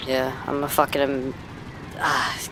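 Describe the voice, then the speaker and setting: An American woman streamer in casual live-stream chat while gaming, ranting excitably and swearing freely. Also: a bass voice, a little slow, over music. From United States.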